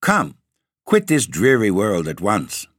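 A man's voice: on the low side, huge pitch swings, slow, a bit bright, no room sound, heavily acted. A man voicing a grim, petulant male ghost with a stake through his body, speaking dryly and pushily. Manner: petulant, dry and pushy.

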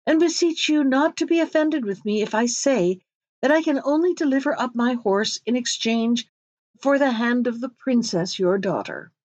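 A humble foreign merchant pleads in polite, courtly phrases in this storybook tale, voiced lightly by a woman reader. The voice sits fairly high. The recording is dry and a little dull. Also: normal speed, darkish tone, no room sound, natural voice.

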